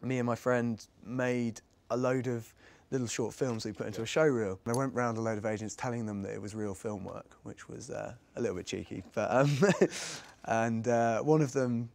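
A man's voice: mid-range voice, steady tone, moderate pace, creaky, few pauses, a little mellow. Rambling young English man, laughing often. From England. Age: young adult. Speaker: actor guest. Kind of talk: casual Q&A with pupils. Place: school room with audience.

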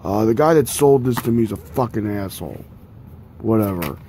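A man's voice: on the low side, lively intonation, moderate pace, dark tone, a little hiss or hum. A young man rambling in a casual vlog about his DVD collection, swearing often and mocking himself. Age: young adult. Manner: profane, rambling, self-mocking. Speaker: collector showing DVDs.

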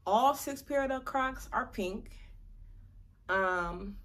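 A woman's voice: fairly high pitch, slow pace, fairly bright tone. A young adult woman chatting to camera in a casual vlog, playful and chatty, drawing out words for emphasis. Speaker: vlogger.

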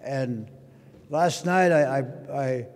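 An older man giving a rambling storytelling speech at a conference, halting with many fillers and restarts. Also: mid-range voice, a little mellow. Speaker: conference speaker. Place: conference hall. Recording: long reverb of a large hall.

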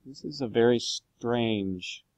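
A man's voice: mid-range voice, slow, darkish tone, no room sound. A man reading aloud, voicing a cautious, doubtful lawyer in a storybook. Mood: wary. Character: cautious, shaken male lawyer.

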